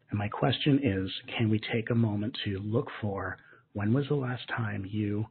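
A man leading a guided gratitude meditation as a spiritual teacher, speaking softly and slowly in a soothing way. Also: fairly low pitch, creaky, husky. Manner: soft, slow and soothing, with gentle repetitions. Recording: muffled lo-fi narrow-band audio.

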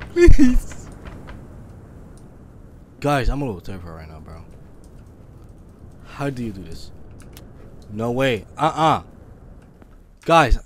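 An animated man talks through a horror game in unhurried bursts, his pitch leaping around as he reacts. He is excitable and swears and yelps whenever something scares him. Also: slight background noise. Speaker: gamer playing a horror game. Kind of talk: casual gameplay commentary.

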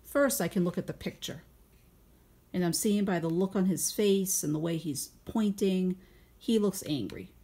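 A woman teacher reading a picture book aloud to young children at home over video, stopping to ask gentle guiding questions and explain her thinking patiently. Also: fairly low pitch, normal speed, slightly rough.

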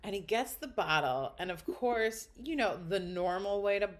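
A woman's voice: medium pitch, lively intonation, normal speed. A woman guest on a podcast, telling a story in casual chat, blunt and crude, acting out quotes with big jumps in her voice.

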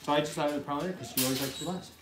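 A man making offhand, quiet remarks in the background of a home live stream. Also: fairly high pitch, very fast. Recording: noisy background.

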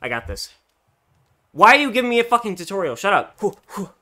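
A young man giving casual, profane gameplay commentary, swinging from loud excited outbursts to low muttering. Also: fairly quick. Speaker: gaming streamer.

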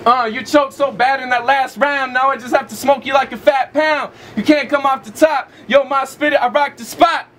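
A man, shouting brash taunts in a battle rap verse. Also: extremely high pitch, fairly even intonation, moderate pace, hardly any pauses. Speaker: battle rapper. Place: indoor battle rap venue.

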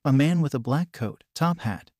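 A man narrating a fan fiction story in a steady, even reading style. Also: a little high, normal speed, slightly rough, dry recording, studio quality.

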